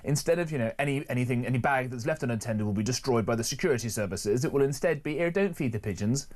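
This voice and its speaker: Fast-talking guy cohosting talk radio, keen and jokey, mid voice. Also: mid-range voice, a little mellow. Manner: enthusiastic, rapid, jokey. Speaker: radio co-host.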